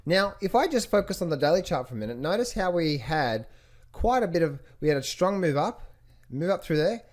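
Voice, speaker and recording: A man's voice: on the high side, big pitch swings, brisk. A man teaching trading from charts on screen, who keeps asking rhetorical questions and repeating his phrases. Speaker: trading coach. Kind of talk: screen-share chart walkthrough.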